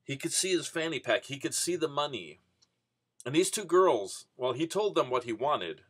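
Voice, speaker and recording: A man's voice: on the high side, sing-song, moderate pace, breathy edge. A man casually telling a rambling personal story, full of "you know" and restarts. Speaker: vending business vlogger.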